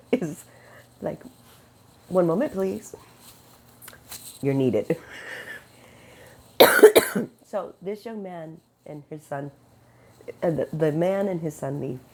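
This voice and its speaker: A woman giving a casual spoken testimony, acting out quoted dialogue with quick jumps in pitch and slowing down when she turns earnest. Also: creaky, warm tone, a little hiss or hum. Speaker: Christian speaker sharing a testimony.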